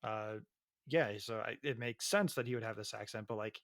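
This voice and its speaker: A man's voice: lowish voice, normal speed, a bit bright, no room sound. A man co-hosting a casual podcast chat, dry and sarcastic. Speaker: podcast co-host.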